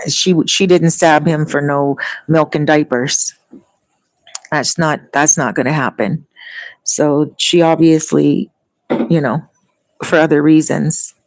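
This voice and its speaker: A woman's voice: low-pitched, no room sound, low-quality recording. A woman talking casually to her viewers, rambling and long-winded as she tells stories. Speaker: vlogger. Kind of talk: casual chat.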